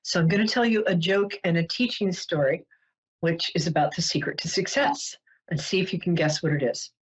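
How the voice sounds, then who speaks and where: A woman's voice: on the low side, fairly quick, breathy edge. A woman with a New York accent hosting a psychic show, chatting playfully and joking as she goes. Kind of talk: casual chatty monologue. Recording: dull lo-fi webcast audio.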